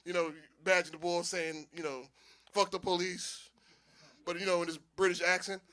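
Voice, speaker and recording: A man's voice: high voice, moderate pace. A man from doing a stand-up comedy set, telling loose stories and laughing often at his own jokes. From Philadelphia. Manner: loose, animated storytelling with frequent laughs. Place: small live venue with audience.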